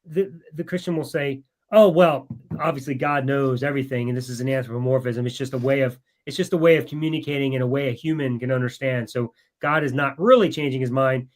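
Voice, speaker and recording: A man co-hosting a podcast in casual discussion, wry and quick to laugh, putting on voices to make his points. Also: medium pitch, steady tone. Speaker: podcast co-host.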